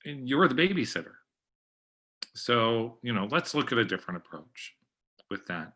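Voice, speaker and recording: Brief: middle-aged male presenter, bright voice, relaxed webinar delivery, clears throat often. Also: mid-range voice, moderate pace, pauses often. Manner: conversational, frequent throat clearing. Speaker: library workshop presenter. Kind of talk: training webinar talk.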